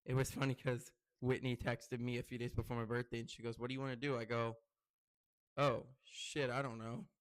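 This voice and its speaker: A man's voice: fast talker, few pauses, clean tone, no echo. A young man hosting his own podcast, chatting casually and rambling through stories with many fillers. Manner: gets loud and high-pitched when excited. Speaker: podcast host. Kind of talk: casual solo podcast chat.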